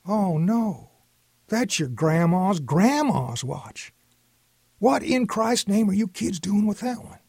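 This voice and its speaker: A patient old grandfather with a folksy, coaxing drawl, as a storyteller puts him on. His husky voice sits a little high and moves at an unhurried pace. The sound is close and dry. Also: expressive, mellow, no room sound. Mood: alarmed. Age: older.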